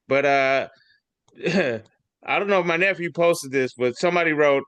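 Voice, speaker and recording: Bright-voiced man reading memes, rambling. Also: fairly high pitch, expressive, measured pace, no echo. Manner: rambling, swears freely, laughs at the jokes. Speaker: podcast co-host. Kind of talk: casual chat reading memes aloud.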